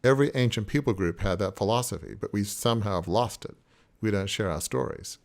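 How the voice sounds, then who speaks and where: A man with a fairly low voice, hosting a podcast interview. He muses reflectively and then turns his thoughts into open questions for his guest. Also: a little fast, vocal fry. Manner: reflective, asks searching questions. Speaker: podcast host.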